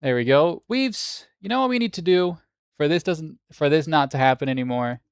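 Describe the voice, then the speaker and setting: A man's voice: fairly high pitch, expressive, moderate pace, clean tone, dry recording, studio quality. A man hosting a game tournament on a livestream, chatting casually and joking with viewers, swearing now and then.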